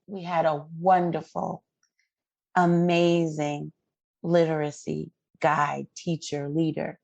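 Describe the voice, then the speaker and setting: A woman's voice: lowish voice, creaky, darkish tone, no room sound. A woman guest in an interview, telling a personal story in an earnest, emotional way. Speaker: guest parent advocate.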